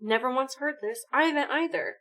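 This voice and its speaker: A woman live streaming a video game, chatting casually with her viewers in an animated, exclamatory way. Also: sits high, brisk. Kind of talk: casual gaming stream chat.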